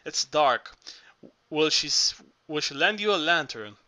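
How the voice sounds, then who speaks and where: A boisterous older Greek working man, as a male audiobook reader plays him, pressing his point with coaxing urgency. His voice is bright and forceful, pitched a little high for a man, and he stumbles and restarts his phrases as he pushes on. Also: expressive, measured pace. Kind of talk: audiobook reading.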